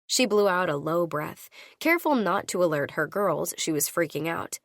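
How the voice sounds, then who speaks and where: A woman reading a first-person audiobook, voicing each character with her own shifts in pitch. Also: animated, normal speed, creaky, no echo, studio quality. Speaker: audiobook narrator.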